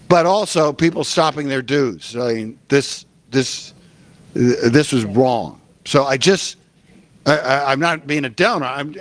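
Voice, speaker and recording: A man moderating a union panel, frank and direct in how he speaks. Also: medium pitch. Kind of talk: panel talk.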